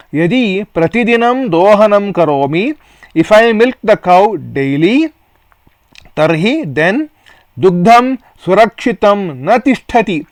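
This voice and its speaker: A male teacher with an Indian English accent works slowly through a Sanskrit textbook play, reading each phrase and then glossing it in English. His voice is fairly high for a man. The recording is close and dry, with no room echo.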